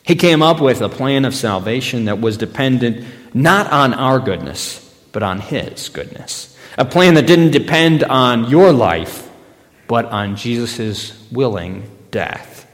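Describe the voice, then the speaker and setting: A man preaching a sermon in a church, his middle-pitched voice ringing out with a long hall reverb. He talks conversationally, weaving in everyday stories and lifting his voice for emphasis. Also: lively intonation, unhurried. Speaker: pastor.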